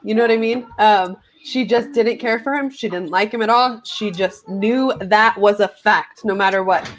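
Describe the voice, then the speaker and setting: A woman's voice: medium pitch, moderate pace. A woman co-hosting a podcast in casual chat, rambling as she tells a story and acts out what others said. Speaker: podcast co-host.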